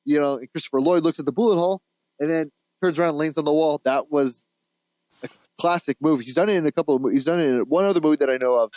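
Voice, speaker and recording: A man's voice: on the high side, fast, darkish tone, dry recording, poor audio. A man co-hosting a podcast, casually retelling a movie plot in a rambling, laughing way, with restarts and the odd swear. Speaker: podcast co-host.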